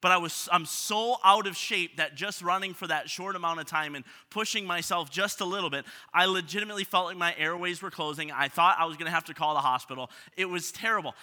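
A man's voice: high voice, a little fast, few pauses, sharp tone. A man in his thirties preaching a sermon, talking in a self-deprecating, conversational way with frequent restarts. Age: 30s. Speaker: pastor. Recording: reverberant hall.

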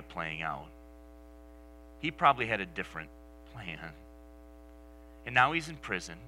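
A male pastor preaching a sermon, telling the story with animation and dropping to soft, near-whispered lines for emphasis. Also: fairly low pitch, slight background noise, poor audio.

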